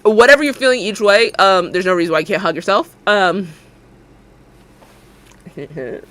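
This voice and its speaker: A woman's voice: mid-range voice, normal speed, fairly bright tone, dry recording. A woman streamer, chatting casually and encouragingly with her viewers on a livestream, laughing often.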